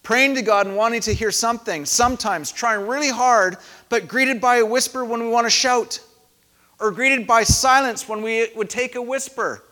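Pastor guy preaching in a big echoey church, highish bright voice, calm and thoughtful, goes soft then gets loud. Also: normal speed. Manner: calm, reflective preaching with soft drops and loud call-and-response shouts. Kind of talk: sermon. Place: church sanctuary. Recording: echoey hall.

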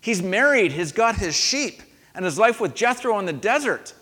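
A man's voice: high-pitched, sing-song, moderate pace, bright, forceful tone. A male pastor giving a sermon in a conversational storytelling manner, asking his listeners questions. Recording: long hall reverb.

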